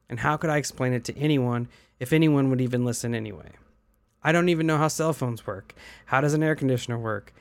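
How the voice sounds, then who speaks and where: A man hosting a podcast, reading online posts aloud in an even voice and chatting casually between them. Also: mid-range voice, dry recording.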